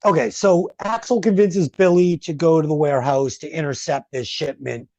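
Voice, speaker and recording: A man's voice: a little high, normal speed, a little mellow, no echo, lo-fi sound. A man hosting a podcast, casually recapping a film with many fillers and asides. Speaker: podcast host. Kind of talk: casual movie review chat.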